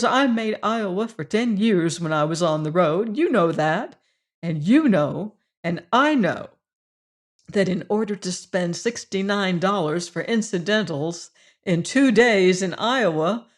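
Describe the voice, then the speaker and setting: A slow-paced audiobook reader voicing a businesswoman who speaks crisply and impatiently. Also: mid-range voice, lively intonation, lightly acted. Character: crisp, businesslike woman executive. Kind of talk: audiobook character reading.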